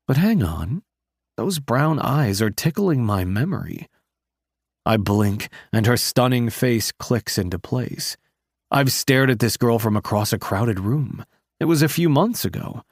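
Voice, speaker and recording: A man's voice: medium pitch, no room sound, clean studio sound. A man narrating a novel in the first person, with a wry, conversational storytelling manner. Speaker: audiobook narrator.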